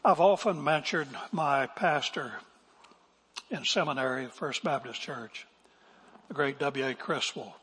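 Earnest husky male pastor preaching. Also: mid-range voice, unhurried, fairly bright tone. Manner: earnest, emphatic, acts out quotes. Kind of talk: sermon. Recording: long reverb of a large hall.

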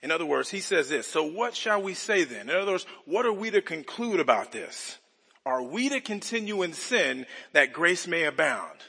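Bright husky male preacher in a hall. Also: a little high, very animated, normal speed. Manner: earnest expository preaching with rhetorical questions. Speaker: pastor. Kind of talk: sermon. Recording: reverberant church hall.

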